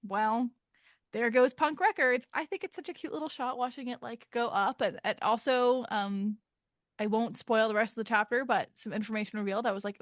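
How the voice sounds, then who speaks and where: A woman's voice: on the high side, fairly even intonation, brisk, no echo, studio quality. A young woman co-hosting a podcast, recapping a comic chapter in casual chat, chatty and self-deprecating, often laughing. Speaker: podcast co-host.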